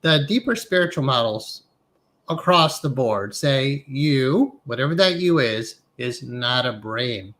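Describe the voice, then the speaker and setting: A man's voice: medium pitch, animated, a little slow, fairly bright tone. A middle-aged man, a hypnotherapy instructor, giving a live-streamed spiritual lecture in a reflective manner, often checking in with "right?" and leading inner exercises. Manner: reflective, frequently asks "right?" and uses guided inner exercises.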